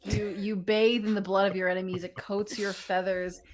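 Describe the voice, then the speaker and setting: A young woman narrating as game master of a tabletop game, lively and casual, laughing often and swearing freely. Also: medium pitch, normal speed, a little hiss or hum.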